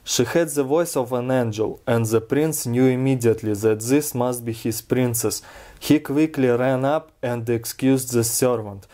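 Man, Russian accent, native Russian speaker, storybook reading, slow, warm, relaxed. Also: mid-range voice. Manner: relaxed, unexaggerated delivery. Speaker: reader. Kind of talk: reading a fairy tale aloud.

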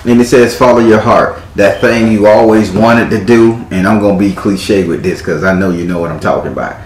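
A man's voice: fairly low pitch, a little fast, reverberant, slight background noise, low-quality recording. A man doing a live tarot reading in a theatrical, teasing way, swearing freely as he talks to a client. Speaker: tarot reader.

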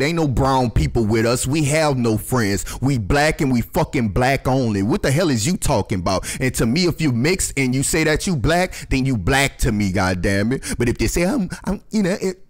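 A man hosting a reaction video, angrily ranting and cursing at the clips he plays. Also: medium pitch. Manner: angry, cursing, ranting at the clip. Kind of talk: profane reaction commentary.

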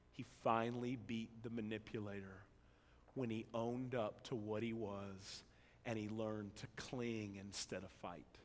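A man preaching a sermon, swinging from loud emphatic build-ups down to hushed, low passages. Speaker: pastor. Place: church sanctuary. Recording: long church hall reverb.

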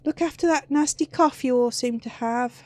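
A woman's voice: high voice, normal speed, a little mellow. A woman giving casual let's play commentary on a horror game, chatty and reacting with gasps and squeals.

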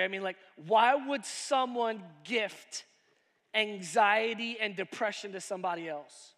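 High, bright preacher man in a big hall. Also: gravelly. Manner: animated, swings from shouting to hushed asides. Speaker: pastor. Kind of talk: sermon. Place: church auditorium. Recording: long reverb of a church hall.

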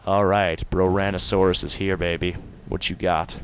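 A man doing let's play commentary, swinging from excited yelling and taunts to quiet muttering. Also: sits low, moderate pace, a little hiss or hum. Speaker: gamer.

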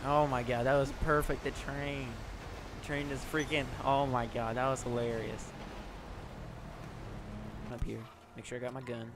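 An excitable man of middling pitch narrates gameplay live, swinging from loud shouts to low mutters. Noisy car and engine sounds from the game run behind him. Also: normal speed, pauses often. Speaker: gaming YouTuber.

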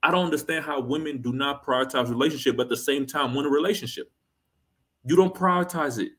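A man's voice: a little high, fast talker, sharp tone. A man hosting a reaction channel, giving blunt, critical commentary full of repetition and rhetorical questions.

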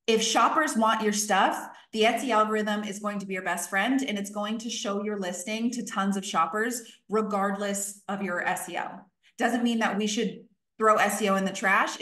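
A woman coach teaching a live online workshop, emphatic and energetic, repeating key points for stress. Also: mid-range voice, roomy sound.

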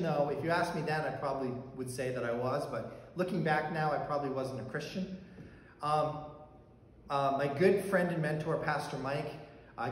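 A male pastor telling a personal story in a sermon, conversational, with fillers and restarts. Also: fairly high pitch. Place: church sanctuary. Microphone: handheld or stand mic that fell during talk. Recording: very echoey church hall, faint background noise.

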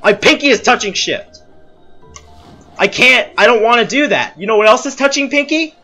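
High, animated young man raging at a game. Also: moderate pace, soft background music. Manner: frustrated, self-mocking rants at the game. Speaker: let's play gamer. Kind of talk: casual gameplay commentary.

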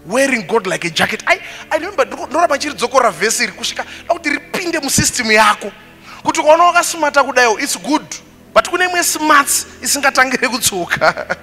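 A man preaching a sermon as pastor, switching between languages and moving between animated and quiet passages. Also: very high-pitched, fast, long reverb tail, soft background music.

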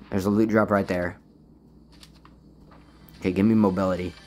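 A man giving casual gameplay commentary as a gaming YouTuber, swinging between low muttering and loud, frustrated outbursts. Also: level tone, moderate pace, long pauses, slight background noise.

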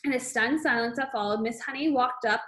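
A woman's voice: on the high side, fairly quick, a bit bright. A woman reading a children's novel aloud, unpolished, with small slips and fillers. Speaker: reader.

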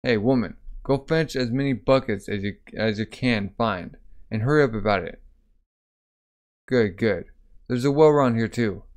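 Brief: man reading as a brash young disguised maid, bold and bossy, plain mid-pitched voice. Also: normal speed, a little mellow, lightly acted.

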